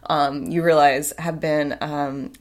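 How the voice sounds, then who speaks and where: A woman's voice: low-pitched, steady tone, takes it slowly. A woman co-hosting a podcast, casually recapping a film in a rambling way with many fillers and restarts. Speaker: podcast co-host.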